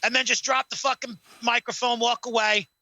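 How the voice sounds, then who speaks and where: A man's voice: extremely high pitch, flat delivery, brisk, sharp tone, no echo, rough recording. A man co-hosting a casual podcast at home, swearing freely while acting out wrestling scenarios. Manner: rambling, swears a lot, acts out scenes. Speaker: podcast co-host. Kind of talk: casual chat.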